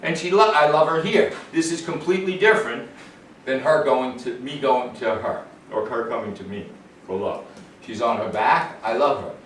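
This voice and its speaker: A man working as a dog trainer, explaining calmly to the owners and giving a dog short, upbeat praise during a demonstration. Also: medium pitch, moderate pace. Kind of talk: instructional demonstration. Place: indoors in a home. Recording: roomy, distant sound with faint noise.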